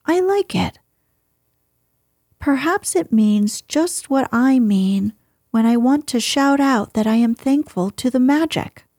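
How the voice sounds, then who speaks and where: A woman voicing an earnest young boy from a storybook, speaking in a soft, whispery way with her pitch raised. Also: animated, slow, dry recording, studio quality, exaggerated voice. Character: sickly boy, eager and earnest.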